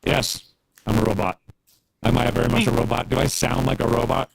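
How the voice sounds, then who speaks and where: Gravelly-voiced man giving earnest feedback. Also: medium pitch, completely flat delivery, fast, no echo, low-quality recording. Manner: earnest, encouraging, rambling with fillers. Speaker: music producer guest giving feedback. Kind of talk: casual livestream chat.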